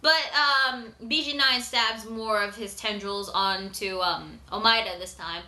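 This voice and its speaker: A woman's voice: medium pitch, a little slow, pushed and bright. A woman giving a casual, chatty manga chapter review with sudden exclamatory outbursts. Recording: echoey room.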